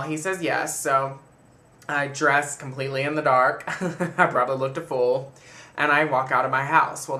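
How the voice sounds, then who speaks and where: A man speaks with a gravelly edge and a bright, forward tone. He tells a personal story straight to the camera as a casual vlog, chatty and animated. His delivery is loose and conversational. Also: mid-range voice. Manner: chatty, animated retelling with frequent laughs. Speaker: vlogger.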